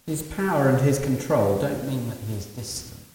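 Male preacher, warm mellow tone, rhetorical, quiet-to-loud; distant mic, faint hiss. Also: mid-range voice, lively intonation, moderate pace. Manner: asks rhetorical questions and swings from quiet to loud. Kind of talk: sermon. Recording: echoey hall from far off, faint hiss.

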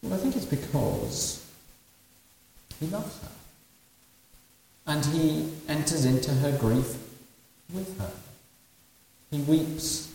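A man's voice: fairly high pitch, lively intonation, slow pace, gravelly, pauses often. Man preaching in an echoey hall. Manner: asks rhetorical questions and swings from quiet to loud. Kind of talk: sermon. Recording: echoey hall from far off, faint hiss.

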